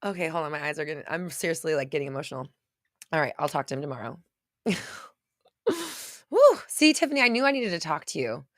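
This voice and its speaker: A woman's voice: low voice, animated, fast, pauses often, a bit bright. A woman host talking casually to a live chat, rambling with many restarts and at times getting choked up. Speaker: podcast host.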